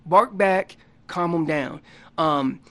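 A man guest on a radio show explaining hunting calls in a casual, animated way, acting out what the animals are saying. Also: a little high, slow pace. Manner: loose casual grammar. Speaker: elk calling champion guest. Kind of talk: instructional radio interview.

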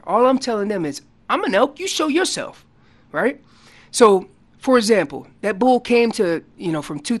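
A man guest on a radio show explaining hunting calls in a casual, animated way, acting out what the animals are saying. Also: sits high. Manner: loose casual grammar. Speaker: elk calling champion guest. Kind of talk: instructional radio interview.

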